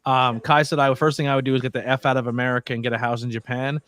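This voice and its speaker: A young man from Pennsylvania hosting a live stream in casual chat, rambling and animated, swearing now and then. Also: mid-range voice, racing. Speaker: stream host.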